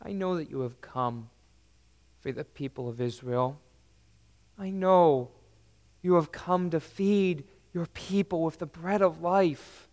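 A man preaching in a high voice, speaking in the first person as a humble, pleading mother who asks only for crumbs. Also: slow pace, a little mellow, in a large hall.

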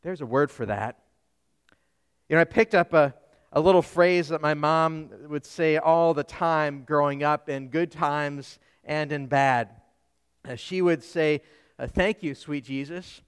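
A man from Minnesota preaching a sermon, telling stories in a deliberate way and letting phrases trail off softly. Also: a little high, smooth, big-room sound. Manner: storytelling, slow and deliberate with soft trailing phrases. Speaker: pastor.

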